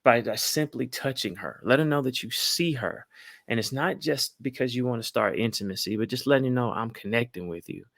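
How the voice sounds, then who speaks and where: A man giving lively marriage advice to a crowd, folksy and animated, often calling out to the audience. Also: medium pitch, brisk, vocal fry, dry recording, studio quality. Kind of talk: lively talk to a live audience.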